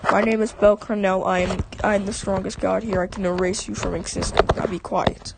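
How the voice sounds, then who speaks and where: A woman's voice: medium pitch, flat delivery, brisk, vocal fry, background noise, pitched below the performer's own voice, natural voice. Woman voicing Bel, a smug all-powerful male god. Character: arrogant overpowered male god, calm and menacing.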